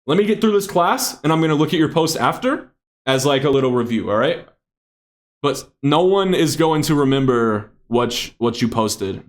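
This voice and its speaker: A young man with a somewhat high voice runs a class in loose, everyday talk. He is blunt and profane, and he calls on his students directly as he goes. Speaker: instructor for aspiring music artists.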